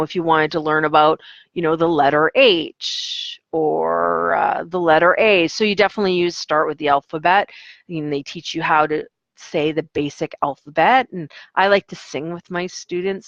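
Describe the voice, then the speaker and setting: A woman's voice: lowish voice, a bit bright, no echo, highs cut off. A woman, an online English teacher, chatting casually in a vlog with a rambling, filler-heavy manner. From Canada.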